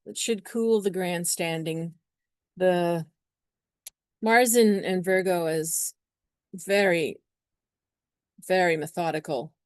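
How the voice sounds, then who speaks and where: Chatty low-voiced woman astrologer. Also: no room sound, studio quality. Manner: chatty and meandering, acting out little scenes. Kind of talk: casual astrology talk to camera.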